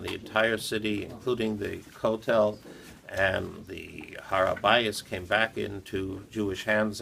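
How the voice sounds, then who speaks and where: A man, a rabbi, giving a short morning talk after prayers, retelling a teaching in a measured storytelling way with quoted dialogue. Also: lowish voice, vocal fry, fairly bright tone, husky.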